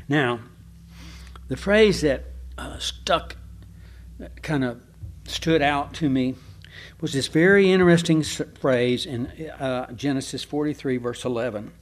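A man's voice: mid-range voice, slow, long pauses. A man preaching a sermon, reading scripture aloud and stopping for casual asides. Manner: reads scripture aloud, breaking off for conversational asides.

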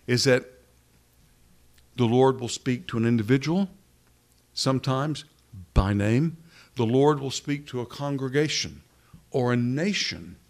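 Preacher, male, mid-pitched voice, earnest sermon delivery with repeated phrases for emphasis.

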